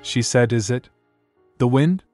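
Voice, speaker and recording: A man's voice: medium pitch, measured pace, a little mellow. A man reading a story recap as narrator, voicing every character's lines in the same plain tone, recorded dry as a voice-over with light music behind.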